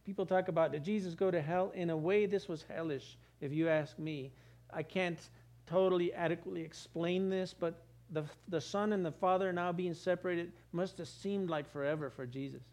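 A man delivers a sermon from the pulpit. His voice sits a little high for a man, and he drives his points home with rhythmic repetition and rising emphasis. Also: steady tone, moderate pace, a little mellow. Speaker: pastor.

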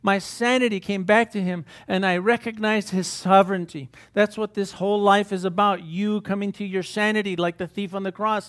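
An older man delivers a casual sermon in a noticeably high voice. He talks in a folksy, emphatic way, leaning hard on key phrases and chuckling at his own asides. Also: fairly even intonation, normal speed, hardly any pauses, a bit bright. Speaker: preacher. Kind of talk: informal sermon.

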